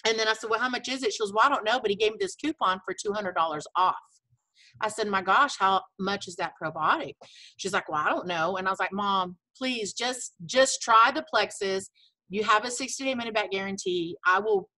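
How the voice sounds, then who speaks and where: A woman's voice: mid-range voice, pushed and bright, no room sound, rough recording. A middle-aged woman telling a long personal story in casual chat over a video call, full of fillers and acted-out dialogue. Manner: chatty storyteller, many fillers and quoted dialogue. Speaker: network marketing distributor sharing her story.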